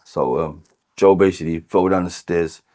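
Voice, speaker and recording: A man with a London accent telling his own life story in a candid, halting way, often repeating words and using "like" as filler. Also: low-pitched, fairly even intonation, dark tone. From London, England.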